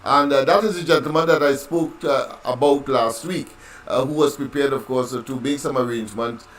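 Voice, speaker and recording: A man's voice: mid-range voice, moderate pace, fairly bright tone. A man speaking on a radio call, hesitant and full of ums and uhs. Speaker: radio guest. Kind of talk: phone-in radio talk. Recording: echoey line with faint noise.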